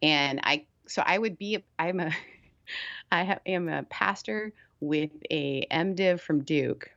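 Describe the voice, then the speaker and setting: A low-voiced woman with a British-Canadian-Southern accent. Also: takes it slowly, gravelly, no room sound, lo-fi sound. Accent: mix of British, Canadian and Southern US. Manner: candid, animated storyteller who laughs easily. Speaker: United Methodist pastor, guest. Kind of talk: casual conversational interview.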